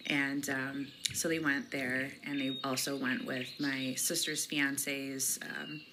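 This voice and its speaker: A chatty woman tells a family story in a low voice, full of ums. Noise is clearly audible behind her. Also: little pitch movement, slow pace. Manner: chatty, many fillers, laughs. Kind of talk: casual storytelling. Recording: noisy recording.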